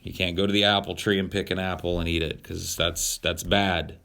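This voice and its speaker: Profane, rambling podcast co-host; low voice with a forceful edge. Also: male voice, flat delivery, moderate pace, creaky. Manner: profane, rambling, irreverent, many fillers. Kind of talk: casual chat.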